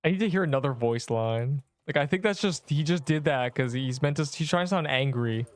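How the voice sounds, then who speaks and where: Hoarse young man streaming a game. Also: a little high. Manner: joking, chatty, quick to laugh. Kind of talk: casual live-stream chatter.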